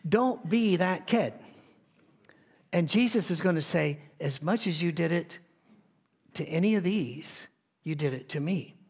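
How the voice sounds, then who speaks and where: A man's voice: fairly high pitch, expressive, measured pace, long pauses, a little mellow, husky. A man preaching a sermon as pastor, telling stories conversationally and often restarting his sentences. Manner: conversational storytelling with frequent restarts. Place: church sound stage.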